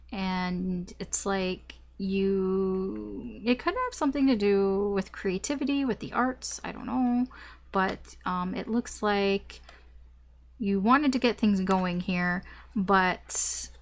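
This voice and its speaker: A young woman gives a casual tarot reading in a loose, rambling way. She thinks aloud with plenty of fillers and the odd mild swear word. Her voice sits at an ordinary middle pitch for a woman. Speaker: tarot reader.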